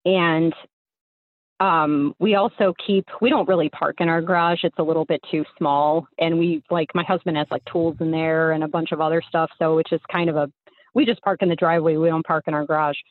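A woman's voice: low-pitched, steady tone, a little fast, dry recording. A young woman caller casually telling a story, rambling with lots of fillers, heard over a tinny phone line.

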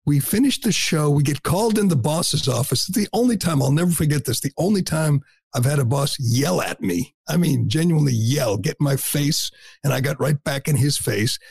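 Gravelly blunt middle-aged male talk host. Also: a little high, expressive, moderate pace, a little mellow, dry recording, clean studio sound. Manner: blunt, combative, scornful. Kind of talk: opinion monologue.

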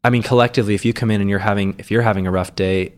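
A man's voice: fairly low pitch, steady tone, rapid-fire. A man who is a stage actor, talking as a podcast guest in casual chat, rambling with frequent restarts.

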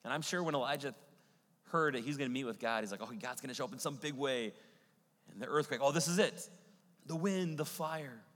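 A male pastor preaching a sermon, swinging between booming Bible reading and hushed, intimate passages. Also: fairly quick. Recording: long hall reverb.

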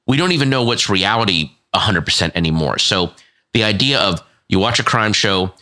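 A man in his fifties chatting casually as a podcast co-host, an animated storyteller who stumbles over restarts. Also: lowish voice, a little fast. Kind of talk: casual chat.

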